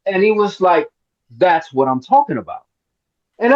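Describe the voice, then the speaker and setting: Man, middle-aged, from Miami, high-pitched, animated storyteller, acts out quotes, slightly muffled recording. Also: moderate pace, long pauses. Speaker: actor guest. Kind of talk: storytelling in a roundtable interview.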